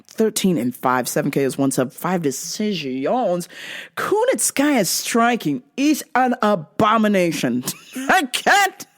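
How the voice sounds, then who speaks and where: Animated, profane woman host. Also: lowish voice, unhurried. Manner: animated, profane, laughing a lot. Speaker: show host. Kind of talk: casual comedic monologue.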